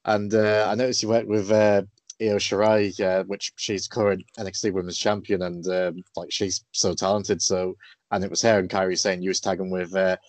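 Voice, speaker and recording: A man's voice: low voice, normal speed, no room sound. Hesitant man hosting an interview. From England. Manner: relaxed, hesitant, many fillers. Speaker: podcast host. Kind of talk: casual interview.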